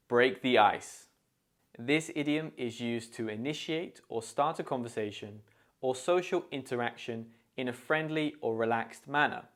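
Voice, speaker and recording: A man with a British accent presenting a scripted English lesson, carefully sounding out phrases to show their stress and pronunciation. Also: mid-range voice. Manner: slow, deliberate modelling of pronunciation. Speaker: English teacher.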